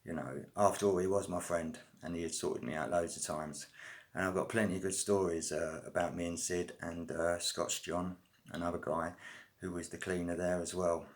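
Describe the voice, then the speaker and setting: Low-voiced man. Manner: rambling, many fillers and slang. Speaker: vlogger telling prison stories. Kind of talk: casual storytelling.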